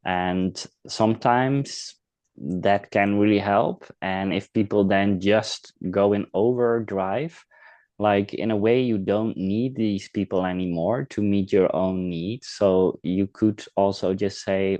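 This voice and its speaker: Podcast host, male, low and measured, reflective advice, dry sound. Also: dry recording. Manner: calm, reflective, acts out example dialogue. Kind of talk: casual advice talk.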